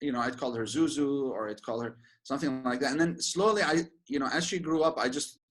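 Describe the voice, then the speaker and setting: A sheikh giving an informal religious lecture, chatty and joking, with many fillers and restarts. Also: male voice, medium pitch, fairly quick, a bit bright. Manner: laughs at his own jokes.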